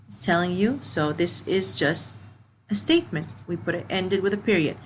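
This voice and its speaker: A woman's voice: medium pitch, expressive, moderate pace, a little hiss or hum, low-quality recording. A woman teaching a children's grammar lesson, patient, reading example sentences and checking in with okay.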